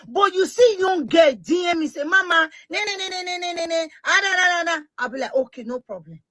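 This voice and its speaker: Her high, husky voice comes through on a dry recording as this middle-aged woman, who has a Nigerian Pidgin English accent, addresses her social media followers. The monologue is impassioned, forceful, and emphatic, with her points repeated.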